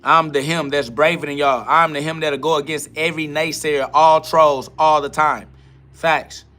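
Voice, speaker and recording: Forceful, confrontational ranting man. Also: a little high, fairly even intonation, moderate pace. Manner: confrontational, profane, preachy. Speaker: podcast host. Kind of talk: livestream self-talk rant.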